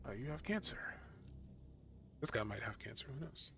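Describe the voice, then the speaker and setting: Drowsy guy streaming a game, gravelly, jokes at his own expense. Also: mid-range voice, animated, normal speed, a bit bright, slight background noise. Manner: self-mocking, laughing asides. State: tired. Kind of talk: casual game commentary.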